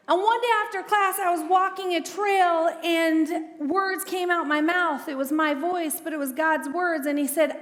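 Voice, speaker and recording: A woman giving a testimony sermon as a ministry speaker, telling her story in a lively way and acting out the dialogue. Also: very high voice, normal speed, few pauses. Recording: long hall reverb.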